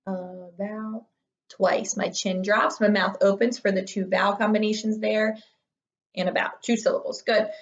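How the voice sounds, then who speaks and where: A woman's voice: mid-range voice, steady tone, normal speed, hardly any pauses, highs cut off. A young woman teaching third graders in an upbeat, encouraging recorded online lesson. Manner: upbeat, encouraging, talks to children.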